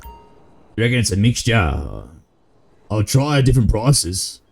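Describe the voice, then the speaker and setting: A man's voice: fairly low pitch, big pitch swings, slow pace, creaky, darkish tone, soft background music. A man with an Australian accent, swearing and bantering in a roleplay game stream. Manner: crude, swearing banter in broad slang. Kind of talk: roleplay gaming chat.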